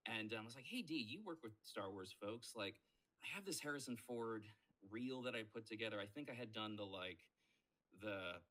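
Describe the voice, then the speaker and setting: A voice actor in his thirties, appearing as a podcast guest, tells stories casually and with energy, acting out what people said in their voices. His pitch is fairly low and his pace moderate in this relaxed interview.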